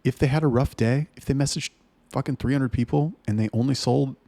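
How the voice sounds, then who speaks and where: A man's voice: medium pitch, fairly even intonation, fairly quick, vocal fry, mellow, dry recording. A man talking to camera about managing his sales staff, blunt and heated, swearing often. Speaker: business owner talking to camera. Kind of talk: casual rant to camera.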